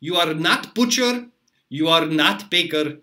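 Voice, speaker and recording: A man's voice: on the high side, lively intonation, a little slow, sharp tone. A man imitating his old Polish pastry chef mentor, scolding a student with a heavy Polish accent in blunt, mock-stern lines.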